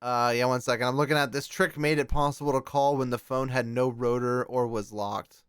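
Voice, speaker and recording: An excitable man co-hosting a casual podcast, reading posts aloud and reacting with quick exclamations. His voice sounds smooth and clear, mid-pitched, recorded close and dry. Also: no echo. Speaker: podcast co-host.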